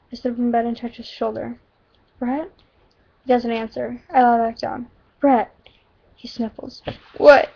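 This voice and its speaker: Casual woman story reader, high and even-toned; lo-fi home recording. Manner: casual asides and self-corrections. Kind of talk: reading a story aloud.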